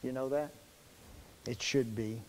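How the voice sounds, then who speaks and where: A man preaching a sermon to his congregation in a folksy, conversational way, often pausing to quiz them with fill-in questions. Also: medium pitch, steady tone. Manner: folksy, informal wording. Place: church sanctuary. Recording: long reverb of a church hall.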